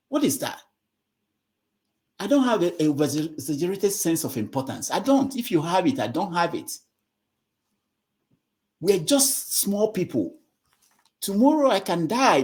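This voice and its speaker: A man's voice: on the high side, a little mellow. A man hosting an online call-in forum, scolding callers in an exasperated, moralizing way. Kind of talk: lecturing call-in talk.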